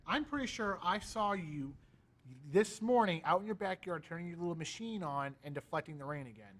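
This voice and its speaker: A man's voice: high voice, fairly bright tone. A young man co-hosting a weather livestream, chatting casually and joking. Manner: quick, joking banter. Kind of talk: casual chat.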